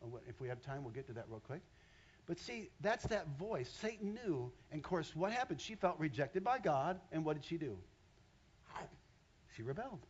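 A man's voice: on the high side, moderate pace, muffled recording. A man preaching a sermon in a church, talking straight to his congregation and drawing them in. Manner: animated, talks straight to the congregation.

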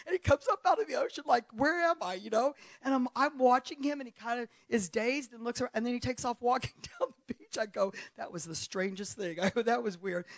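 A woman telling a testimony in a sermon, lively and storytelling, acting out the people she describes. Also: on the high side, no room sound, lo-fi sound. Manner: animated storytelling, acts out voices. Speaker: preacher.

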